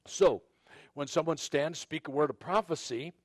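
A man's voice: on the high side, moderate pace. A man preaching a conversational sermon, often repeating words and restarting sentences as he addresses the men and the women in turn. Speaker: pastor.

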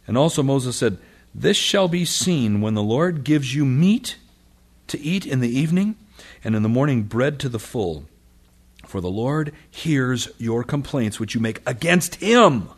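An unhurried pastor with a medium-pitched, slightly breathy voice preaches a sermon. He reads scripture aloud and animatedly acts out the voices of the people and of God.

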